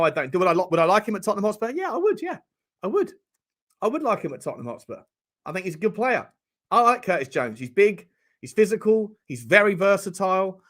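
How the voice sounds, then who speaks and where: A man hosting a casual fan live stream, chatting to his viewers. His voice sits fairly high for a man. He rambles, jokes and riffs on the comments as they come in. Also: a bit bright. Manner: rambling, jokey, banters with chat. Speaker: fan channel host.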